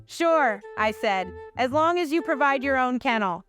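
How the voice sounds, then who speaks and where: Woman telling jokes real slow, high voice, faint music behind. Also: animated, fairly bright tone. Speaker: joke teller.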